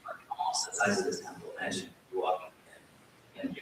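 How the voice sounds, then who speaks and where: A man, a yoga teacher, giving a temple talk as an animated, self-deprecating storyteller, recorded in a very echoey hall from a distant mic with faint hiss. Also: low-pitched, quick pace. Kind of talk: sermon with storytelling.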